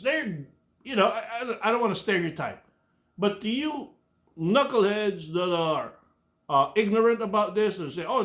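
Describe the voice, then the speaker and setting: A man's voice: sits high, a bit bright. A man in his sixties ranting bluntly to his YouTube viewers, swearing freely, repeating and restarting his words. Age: 60s. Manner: blunt, profane, repetitive restarts. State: coughing. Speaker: YouTube commentator. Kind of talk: ranting opinion monologue.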